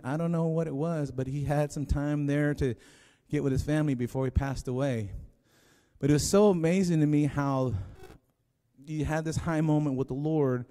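A man's voice: mid-range voice, mellow. A man preaching a sermon as pastor, telling a story in a rambling, conversational way with many restarts. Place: church sanctuary. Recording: long hall reverb.

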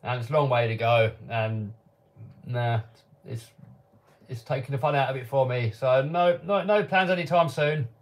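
A channel host in his home workshop takes questions from his live chat in a relaxed stream, reading each one out and answering casually with a few chuckles along the way. He has a mid-range voice and talks at normal speed.

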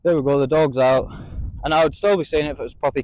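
Man shouting herding commands in a field. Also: fairly high pitch, fairly even intonation, dry recording. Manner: shouts drawn-out commands to a dog between explanations. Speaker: sheepdog trainer. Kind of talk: outdoor instructional demonstration. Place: outdoor field with sheep.

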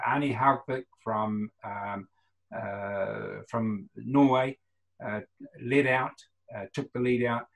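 A New Zealand man around seventy spins long, rambling stories as an interview guest, now and then acting out what others said. His voice sits at a middle pitch with a New Zealand accent. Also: low-quality recording. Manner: rambling anecdotes, acts out quoted lines. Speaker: guest, retired runner. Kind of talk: casual storytelling interview.

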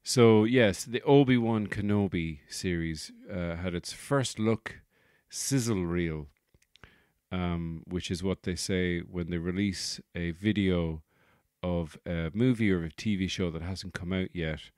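A man's voice: deep voice, takes it slowly, a little mellow, clean tone, dry recording, studio quality. A man hosting his own podcast, rambling through a comic monologue, correcting himself as he goes and swearing freely. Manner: digressive, self-correcting, sweary. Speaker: podcast host.

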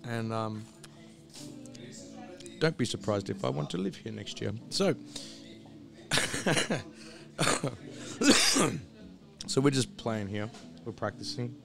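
A man with a husky, gravelly voice chats loosely at an ordinary pitch, sounding hoarse as if his voice is still recovering. He rambles and swears freely, with a guitar playing clearly behind him. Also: animated, slow, pauses often. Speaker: live-streamer. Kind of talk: casual pre-stream chat. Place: hostel.

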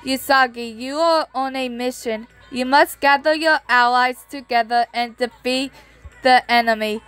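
An earnest talking cat gives firm instructions to a young heroine, played by a woman reading a manga aloud. The voice is high and unhurried. Soft music hums in the background. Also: clear, resonant tone. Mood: instructive. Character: Luna, talking cat mentor, bossy and earnest.

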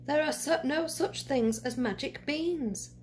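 A woman voicing a poor, sick, worried widowed mother in a read-aloud storybook, with a higher, pleading voice. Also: measured pace, a little mellow, a little hiss or hum. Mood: exasperated.

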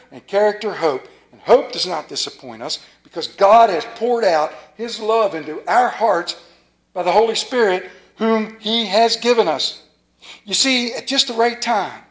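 A man preaching a sermon as a pastor, folksy and playful with a rural Maryland accent, dropping to a hushed, reverent tone. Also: high voice.

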